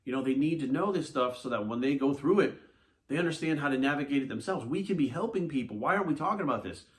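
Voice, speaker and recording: A man who talks quickly. He is a fitness coach telling a personal story straight to his viewers. He is blunt and animated, and he swears freely. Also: mid-range voice. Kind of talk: casual monologue to camera.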